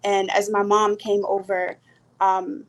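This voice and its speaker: A woman's voice: mid-range voice, level tone, slow pace. Young woman with a South Sudanese accent. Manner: earnest, hesitant with many fillers. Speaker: panel speaker. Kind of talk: personal storytelling.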